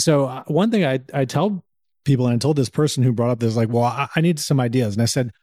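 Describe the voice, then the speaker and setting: A man's voice: mid-range voice, mellow, dry recording, studio quality. A man co-hosting a casual podcast chat, earnestly giving advice. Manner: earnest, advising. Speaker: podcast co-host.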